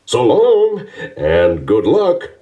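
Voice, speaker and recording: A man doing a slow, kindly giant tortoise. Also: medium pitch, wildly swooping pitch, dark tone, muffled recording, heavily acted. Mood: friendly. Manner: slow, drawn-out speech. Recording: distant, with background music.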